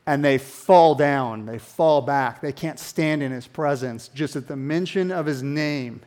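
Man, pastor, sermon, conversational, animated, fairly high-pitched, hushed emphasis. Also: a little slow.

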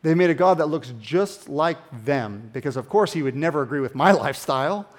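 A man preaching a sermon in a conversational, animated way, often dropping into hushed emphasis. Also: on the high side, a little fast. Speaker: pastor.

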